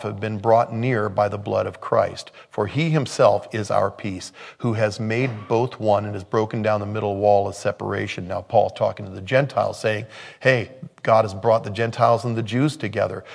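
A male pastor with a lowish, gravelly voice delivers a sermon, shifting from quiet scripture reading to loud, emphatic preaching.

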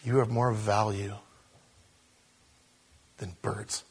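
A man preaching a sermon, shifting between soft hushed moments and loud, animated storytelling. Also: on the low side, slow, slightly rough. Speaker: pastor.

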